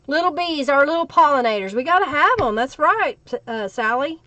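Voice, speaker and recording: A woman's voice: high voice, animated, moderate pace, bright, forceful tone, no echo. A woman with an Oklahoma Southern accent hosting a live crafting stream, chatting casually and answering viewer comments as she works. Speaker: livestream crafting host.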